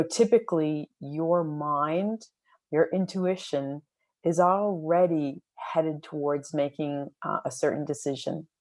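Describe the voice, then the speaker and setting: A woman with a low-pitched voice hosts a podcast about making decisions. She talks in an earnest, reflective way, often pausing on fillers and restarting her sentences. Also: a little mellow. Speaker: decision coach and podcast host. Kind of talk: podcast storytelling monologue.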